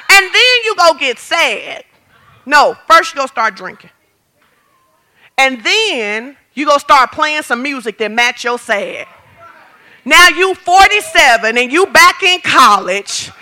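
High, bright-voiced woman preacher. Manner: animated, humorous, builds to shouts. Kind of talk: sermon.

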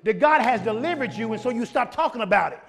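A man preaching a sermon in a lively, folksy style, building up to shouts. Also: extremely high pitch, fast. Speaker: pastor.

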